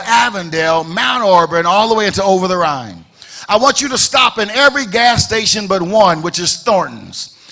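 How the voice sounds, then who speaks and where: A man preaching a sermon as pastor in a church, firing rhetorical questions, repeating phrases and building to shouted emphasis. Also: high-pitched. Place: church sanctuary.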